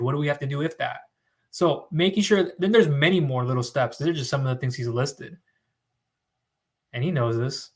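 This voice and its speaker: A man with a medium-pitched, fairly bright voice hosts a casual livestream. He rambles emphatically to his viewers and reads their comments aloud.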